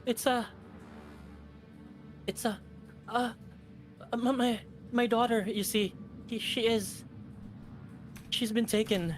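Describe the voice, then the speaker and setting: A man voicing a distraught grieving mother who pleads in halting, tearful bursts, in a tabletop role-play game. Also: extremely high pitch, level tone, soft background music, pitched above the performer's own voice. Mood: tearful pleading.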